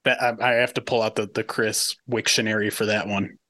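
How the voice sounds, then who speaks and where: A man's voice: on the low side, steady tone, brisk, sharp tone, dry recording. A man co-hosting a podcast in a laid-back, teasing way with lots of fillers. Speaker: podcast co-host. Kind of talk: casual podcast chat.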